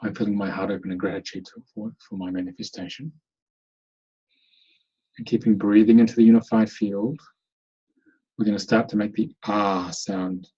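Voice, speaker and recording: A man leading a guided meditation in an online webinar, giving slow, soothing instructions. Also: fairly low pitch, warm tone, husky, lo-fi sound. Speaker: meditation teacher.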